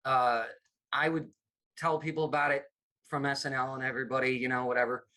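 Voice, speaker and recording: His mid-range voice moves briskly as this middle-aged American comedy producer recounts stories in a laid-back interview. He animates them by acting out the voices of those he quotes.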